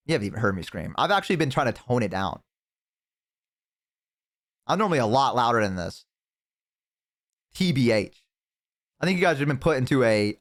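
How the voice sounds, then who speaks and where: A young man chatting casually on a live stream, telling stories and reading chat, swearing freely and jumping into loud excited bursts. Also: mid-range voice.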